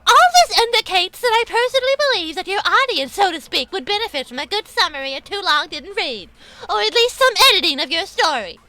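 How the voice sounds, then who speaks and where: Very high squeaky baby voice, bright and sharp, whiny pedantic online commenter, mocking and sweary, woman doing it. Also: lively intonation, a little fast, no echo, full character voice. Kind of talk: comedic rant in a put-on voice.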